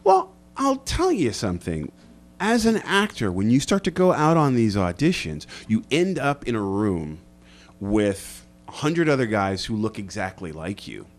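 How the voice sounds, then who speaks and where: A man's voice: on the low side, unhurried. A man, an actor and guest, chatting animatedly and jokily in a radio studio interview. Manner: animated, jokey, slips into voices. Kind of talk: casual interview chat.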